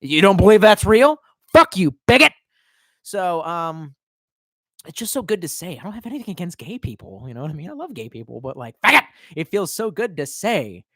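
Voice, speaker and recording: On a live stream, a man in his 20s reads out chat comments in a high voice with big pitch swings, talking a little fast. He seems drunk, swearing constantly, rambling and jumping between loud outbursts and muttering; the recording is dry and clean studio sound.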